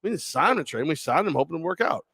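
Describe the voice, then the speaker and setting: A man's voice: a little high, very animated, rapid-fire, vocal fry, a bit bright, breathy edge, no room sound. Man, sports talk co-host, joking, rambling, dry close studio sound. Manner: joking, rambling, self-mocking. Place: radio studio.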